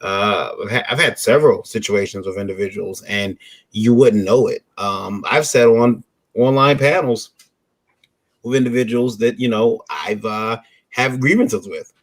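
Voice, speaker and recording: A man co-hosting a casual chat, talking in a measured, hesitant way with many pauses and restarts. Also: fairly low pitch. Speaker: podcast co-host.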